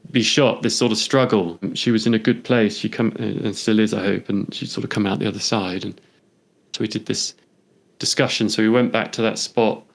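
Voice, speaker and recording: In a relaxed, conversational interview, a photographer with a somewhat low, gravelly voice reflects on his pictures at a moderate pace. He thinks aloud, drifting from one thought to the next.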